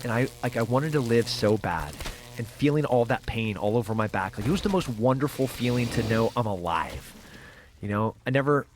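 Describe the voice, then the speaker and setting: A middle-aged man as a guest, telling a personal story in a casual interview, halting with many fillers and restarts. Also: mid-range voice, lively intonation, slight background noise.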